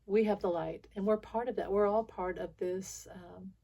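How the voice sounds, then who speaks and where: A woman's voice: medium pitch, steady tone, moderate pace, creaky, dark tone. A woman hosting her own spiritual video channel, talking to viewers in a rambling, frustrated monologue full of restarts and little laughs.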